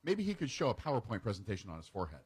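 A man co-hosts a political talk radio show, dropping wry quips. His voice is very husky, and he speaks quickly and animatedly. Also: on the low side, wildly swooping pitch. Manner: wry interjections. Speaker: radio co-host.

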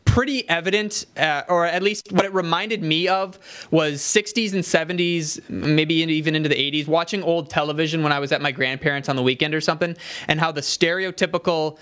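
Sarcastic, animated man co-hosting. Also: fairly high pitch, a little fast, smooth. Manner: sarcastic and animated, laughing at his own jabs. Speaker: podcast co-host. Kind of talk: casual political talk.

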